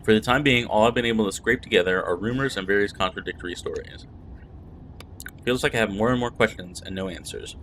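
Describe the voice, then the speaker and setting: A man reading as an earnest young French woman telling her journey in first person. His voice stays low and plain. Faint noise sits behind it. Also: quick pace, fairly bright tone, natural voice, low-quality recording. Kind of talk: reading game narration aloud.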